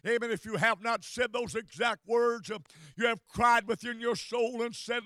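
A man preaching a fervent sermon, repeating phrases and rising to shouts. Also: very high-pitched, steady tone, normal speed, no echo.

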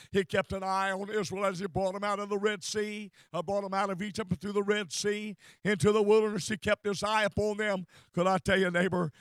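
A man's voice: sits high, fairly bright tone, no room sound. A man preaching a sermon with fervor, stumbling over and repeating words and crying out praise. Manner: fervent, repeats words, cries out hallelujah.

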